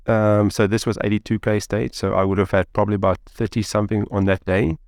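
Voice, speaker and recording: A man, a guest telling a story in an interview, rambling and animated with lots of fillers like "like" and "you know". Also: on the low side, fast talker, creaky, no echo, studio quality.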